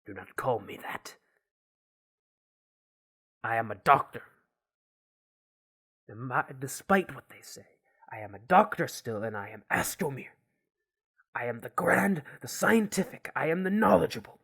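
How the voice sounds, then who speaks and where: A man's voice: mid-range voice, very animated, a little slow, creaky, pauses often, a bit bright, slightly rough, pitched above the performer's own voice, heavily acted. A man voicing an obsessive, frustrated male scientist who talks in a pompous, grandiose way.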